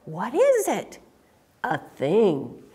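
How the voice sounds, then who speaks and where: A woman reading a picture book aloud to young children, in an animated, sing-song, coaxing way. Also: mid-range voice, very slow, breathy edge. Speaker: children's storyteller. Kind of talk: storytime read-aloud to children.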